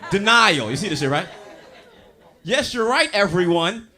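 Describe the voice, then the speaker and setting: Brash, bright-voiced stand-up comedian man. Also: high-pitched, big pitch swings, measured pace. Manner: brash, profane, addresses the crowd directly. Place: comedy stage before a live audience. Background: audience laughter.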